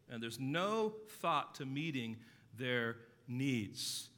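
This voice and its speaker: Male pastor preaching, bright tense voice, long church hall echo, earnest emphasis. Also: animated, slow. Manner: earnest preaching, rising for emphasis, dropping low for stories. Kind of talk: sermon. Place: church sanctuary.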